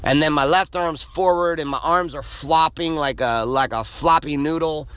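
A middle-aged man hosting a podcast, telling a story in a blunt, profane, animated casual monologue. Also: on the high side, normal speed, clear, resonant tone, no echo. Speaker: podcast host.

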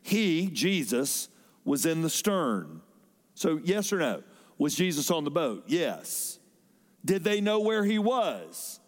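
High-voiced preacher in a reverberant hall. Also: male voice, very animated, slow. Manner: dynamic, swings between loud emphasis and soft drops. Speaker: pastor. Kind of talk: sermon.

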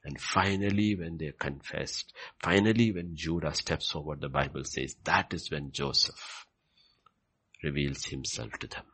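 A man preaching a sermon and reading scripture aloud, swinging from low murmurs to loud, high emphatic bursts and repeating key phrases to the congregation. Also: unhurried, slightly rough.

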